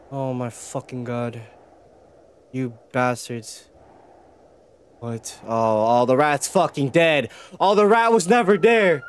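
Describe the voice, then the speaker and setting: A young man playing a horror game on stream, swearing often and reacting out loud to what happens. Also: medium pitch, slight background noise. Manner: swears a lot, reacts loudly. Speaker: gaming YouTuber. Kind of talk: horror game let's play commentary.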